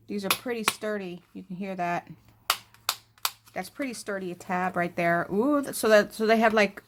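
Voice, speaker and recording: A woman's voice: medium pitch, background noise. A woman vlogger chatting casually while flipping through a new planner, thinking aloud with lots of fillers and asides. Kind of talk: casual unboxing chat.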